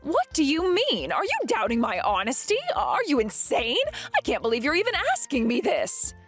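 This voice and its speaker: Woman doing a bossy clingy mother-in-law, high and husky, always blaming others, story drama. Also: very animated, fairly quick, faint music behind, heavily acted. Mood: indignant. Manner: accusing and self-righteous. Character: domineering, possessive middle-aged mother-in-law. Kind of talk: dramatized text-message story.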